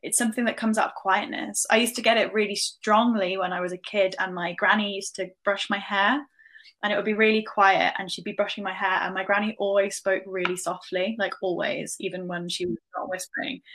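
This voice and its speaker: A woman guest on a podcast in casual chat, talking in a thoughtful, measured way with many fillers. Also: mid-range voice, flat delivery, fairly bright tone.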